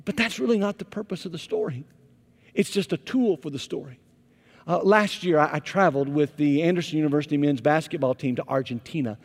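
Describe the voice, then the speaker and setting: Male pastor, lively sermon storyteller, slightly high voice, long hall reverb. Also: fairly quick. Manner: animated storytelling, volume rising and falling. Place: church sanctuary.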